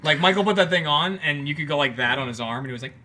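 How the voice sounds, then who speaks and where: Fast, bright male panelist, crude banter. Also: a little high, animated, slight background noise. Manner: quick, enthusiastic, crude. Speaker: podcast panelist. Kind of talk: casual chat.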